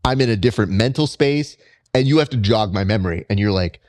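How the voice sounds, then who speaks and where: A man hosting a grappling podcast, telling stories in a casual, animated way and acting out his own reactions. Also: fast. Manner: animated storyteller, jumps high when quoting himself. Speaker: podcast host. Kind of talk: casual interview chat.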